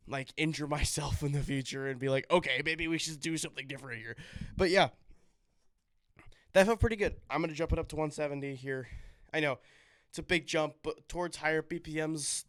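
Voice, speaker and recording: A man chats casually on his practice vlog, rambling and thinking aloud with self-deprecating asides. His voice is smooth and resonant, sitting at an ordinary pitch for a man. The sound is dry and close. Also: no room sound. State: out of breath between playing. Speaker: drummer vlogging his practice.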